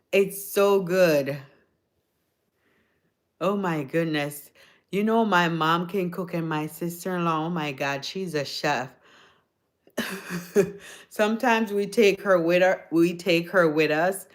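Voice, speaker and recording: A woman hosting a livestream, chatting casually with viewers in a rambling, storytelling way and gushing about food. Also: lowish voice. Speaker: livestream host. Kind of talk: casual chat answering viewers.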